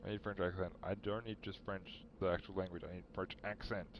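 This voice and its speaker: Male streamer, casual self-talk; low, slow delivery on a slightly dull mic. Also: little pitch movement, slight background noise. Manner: muttering to himself while searching. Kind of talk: casual live-stream chat.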